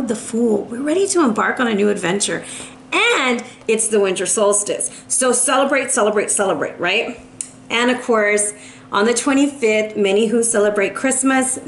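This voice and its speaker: A woman's voice: fairly high pitch, roomy sound, a little hiss or hum. Upbeat chatty woman reading tarot. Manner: chatty and upbeat, often asks "right?"; encouraging, coaching tone. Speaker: tarot reader. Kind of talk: casual tarot reading to camera.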